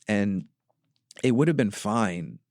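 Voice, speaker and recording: A man with a low voice talks earnestly in a reflective podcast chat, often pausing to find his words. The sound is dry and close, with almost no room around it. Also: animated, a little mellow, no echo. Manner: earnest, confessional, searching for words. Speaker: podcast co-host.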